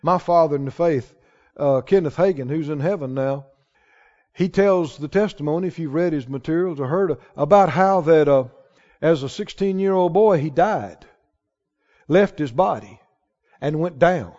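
A male pastor preaching a sermon to a congregation, emphatic and rising to shouts on key lines. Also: a little high, normal speed. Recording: dull sound with long hall reverb.

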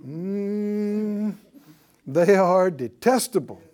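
A Bible teacher giving a broadcast lesson in an animated, conversational way, asking the audience questions and chuckling while teaching. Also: mid-range voice, extremely slow.

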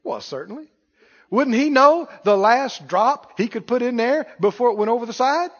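A man preaching a sermon in call-and-response style, building to shouted emphasis. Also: very high-pitched, lively intonation, moderate pace, in a large hall, lo-fi sound. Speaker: pastor.

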